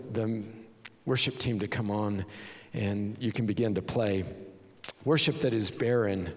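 Man, pastor, sermon, lively swinging intonation, emphatic rhetorical questions, long church-hall reverb. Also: mid-range voice.

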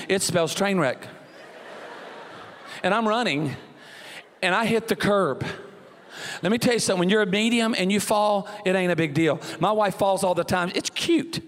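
A high-voiced man preaches in a church, his sound carrying a long hall reverb. He tells stories with lots of energy and acts out the people in them with quick exclamations. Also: a bit bright. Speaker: pastor. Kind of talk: sermon with humorous story.

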